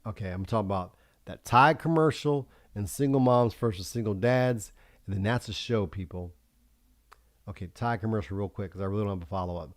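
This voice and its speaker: A man with a low voice rambles through a profane, loose monologue on his own streamed talk show. He laughs often and drifts between topics. The sound is dry and close. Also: a little fast, no echo. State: high. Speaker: livestream talk show host.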